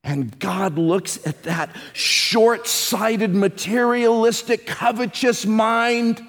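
A male pastor, preaching a sermon with emphatic, slow phrasing. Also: high voice, steady tone, fairly bright tone, long reverb tail.

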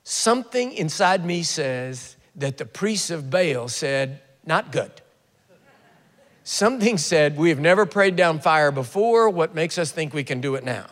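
Male preacher, high voice, lively storyteller, big echoing hall. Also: a little slow. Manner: animated storytelling, acts out the prophet's taunts with sudden loud bursts. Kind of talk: sermon.

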